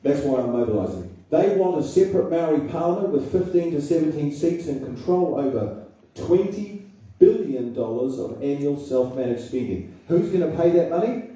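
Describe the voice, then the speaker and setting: His voice leans high but carries a dark tone, expressive and at a normal speed. The man, a New Zealand-accented public speaker, presses his case at a political seminar in a public hall with rhetorical questions, heard distantly through heavy echo.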